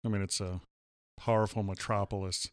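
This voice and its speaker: A man's voice: fairly low pitch, level tone, moderate pace, no echo. A man co-hosting a casual movie podcast, giving blunt, matter-of-fact answers with a dry wit. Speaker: podcast co-host.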